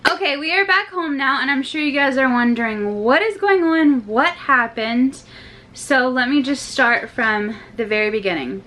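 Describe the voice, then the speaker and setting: A woman's voice: high voice, animated, normal speed, pushed and bright, rough recording. A young woman and mother talking casually to her viewers in a family vlog, chatty and full of loose asides. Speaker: vlogger and mother.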